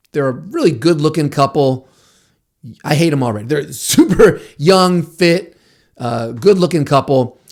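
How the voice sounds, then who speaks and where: A man hosting a podcast, telling a personal story in a casual, animated way, laughing often and acting out what people said. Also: medium pitch. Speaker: podcast host, martial arts instructor.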